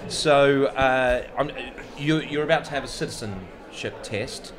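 A man hosting a casual comedic chat, jokey and quick to laugh. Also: mid-range voice, music in the background. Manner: jokey, animated, laughs often. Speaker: podcast host. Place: pub.

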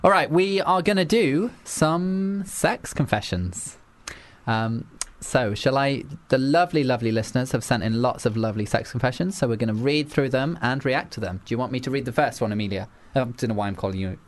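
A woman's voice: a bass voice, a little fast. A woman hosting a casual podcast chat, giggly and rambling, often repeating words. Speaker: podcast host.

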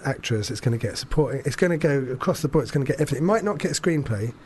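A man hosting a casual chat, rambling and animated, swearing freely as he talks. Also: medium pitch, very fast, husky. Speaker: podcast host.

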